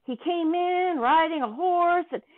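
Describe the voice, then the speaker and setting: A woman's voice: very high voice, a little slow. A woman voicing a friendly, chatty young boy puppet who cheerfully coaxes the children. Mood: eager. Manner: cheerful, coaxing, talks straight to children. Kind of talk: children's church puppet talk. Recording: tinny, phone-like sound.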